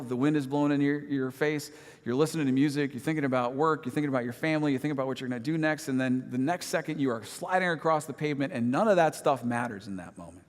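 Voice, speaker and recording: A man's voice: medium pitch, long reverb tail. A man preaching a sermon, telling a personal story in a conversational, self-deprecating way with humorous asides. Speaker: pastor. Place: church sanctuary.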